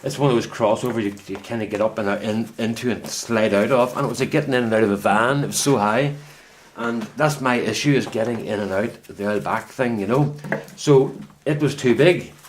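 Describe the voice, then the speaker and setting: A man's voice: fairly low pitch, a little fast, a little hiss or hum. Rambling Northern Irish man in a greenhouse. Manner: rambling storyteller, self-correcting. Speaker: vlogger. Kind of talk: casual chat.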